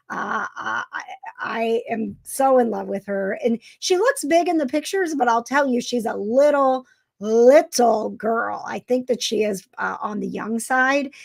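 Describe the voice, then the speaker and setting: A woman's voice: fairly high pitch, gravelly. A middle-aged woman hosting a casual live stream, emotional and gushing, with many uhs and restarts. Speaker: host.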